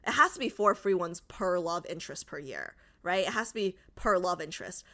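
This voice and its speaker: A woman hosting a livestream talks casually to her viewers, her voice bright and sharp. Her pitch bounces all over as she jokes, reads out comments and answers them in an easy, chatty way. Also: expressive, fairly quick, hardly any pauses. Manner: chatty, jokey, reads and answers chat aloud. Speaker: streamer.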